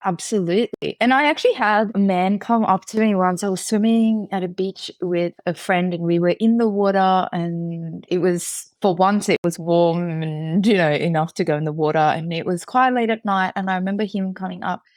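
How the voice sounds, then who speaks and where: A non-binary podcast guest from India with an Australian accent, telling stories in an animated, cheeky conversational way. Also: medium pitch, normal speed, hardly any pauses, dry recording. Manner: animated, cheeky storytelling with laughs. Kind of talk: casual conversation.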